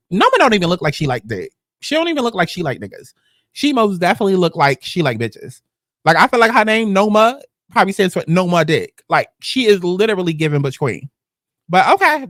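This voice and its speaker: Animated, blunt woman recapping a TV episode. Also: dry recording, studio quality. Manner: animated, blunt and profane, with sudden jumps in pitch. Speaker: TV recap host. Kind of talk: casual episode recap commentary.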